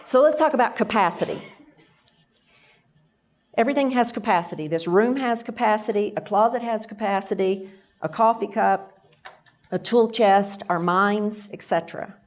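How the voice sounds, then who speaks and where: A woman's voice: medium pitch, normal speed, long pauses. A middle-aged woman from Texas with a Texan accent, giving a faith-based leadership talk at a lunch event and telling stories while acting out the voices. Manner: storytelling, acting out quoted voices. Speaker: guest speaker.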